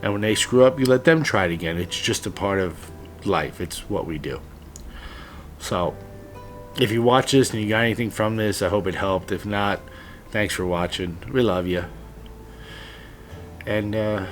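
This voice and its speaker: Soft music sits behind a father vlogger in his late thirties whose lowish voice moves at normal speed and pauses often. His heartfelt personal monologue offers earnest advice to other dads, now and then blunt and laced with swearing.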